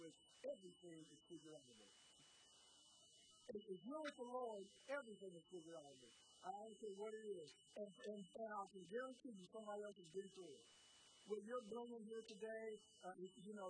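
A woman's voice: medium pitch, noisy background. A woman preaching a sermon, urging her listeners on with repeated calls and emphatic declarations. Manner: exhorting, repetitive calls to the congregation. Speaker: pastor.

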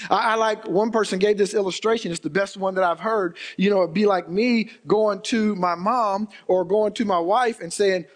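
High-voiced man preaching with rising emphasis. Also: expressive, normal speed. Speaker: pastor. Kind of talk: sermon.

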